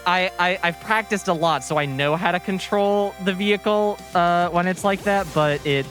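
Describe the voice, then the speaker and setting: A woman's voice: on the low side, moderate pace, faint music behind. A woman from New Jersey with a New Jersey accent, a guest chatting at length about her gaming run on a charity stream. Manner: chatty, explains at length with fillers. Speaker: guest speedrunner. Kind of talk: casual interview on a charity stream.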